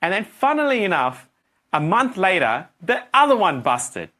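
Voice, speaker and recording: A man's voice: high voice, moderate pace. A middle-aged man coaching a group, telling a story and acting out his own reactions. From Australia. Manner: animated, acts out his own reactions and voices.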